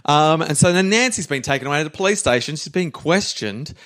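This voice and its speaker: A man hosting a podcast, casually retelling a story with lots of ums and quick voiced asides. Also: on the high side, animated, fairly bright tone. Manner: rambling, jokey retelling with many ums and quick quoted asides. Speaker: podcast host.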